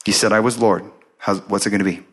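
A male preacher voicing God as a calm, firm father figure who speaks in quiet, measured words. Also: fairly low pitch, slightly rough, pitched below the performer's own voice.

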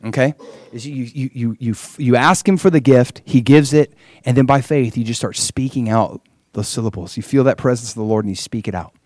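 A man's voice: medium pitch, fairly quick, darkish tone, no room sound. Earnest male pastor in a dry room. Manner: earnest, conversational storytelling. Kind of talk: sermon with guided prayer.

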